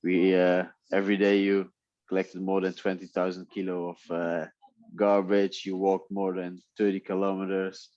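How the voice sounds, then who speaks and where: A man whose first language is Dutch, telling stories in a relaxed way in a casual interview, often laughing. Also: sits low, normal speed, no room sound, highs cut off. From Netherlands. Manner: relaxed storytelling with frequent laughs and restarts. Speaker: guest, MMA fighter.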